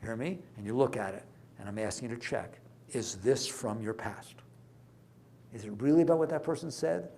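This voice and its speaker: A man giving a live lecture on mindfulness to an audience, conversational and full of rhetorical questions, swinging between hushed asides and loud emphatic bursts. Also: medium pitch, a little fast, vocal fry, slight background noise.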